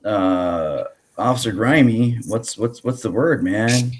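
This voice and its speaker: A man hosting a relaxed podcast, his voice sitting very low. He talks in a loose, rambling way, full of fillers and false starts. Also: takes it slowly. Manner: rambling, many fillers and restarts. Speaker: podcast host. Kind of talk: casual podcast chat.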